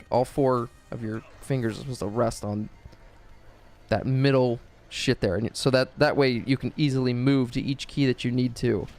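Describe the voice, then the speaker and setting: A young man streaming a video game, chatting casually in a rambling, crude and joking way, full of swearing. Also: medium pitch. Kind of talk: casual gaming stream chat.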